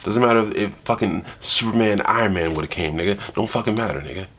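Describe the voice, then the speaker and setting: A man's voice: on the low side, quick pace. A man ranting in a heated, profane way while reacting to a clip with friends. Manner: animated, emphatic, swearing.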